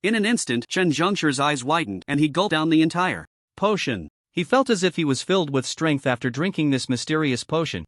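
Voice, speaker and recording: A man narrating a story recap in a lively, expressive scripted reading. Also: on the high side, fairly quick, dry recording, clean studio sound.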